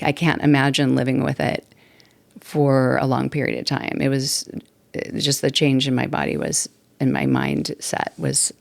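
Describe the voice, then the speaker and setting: A chatty woman in her sixties talks on her own podcast, rambling and laughing as she goes. Her voice has a gravelly fry in it. The recording is dry, with little room sound. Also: very deep voice, dry recording. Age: 60s. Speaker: podcast host. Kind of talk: casual solo talk. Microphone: desktop mic at computer.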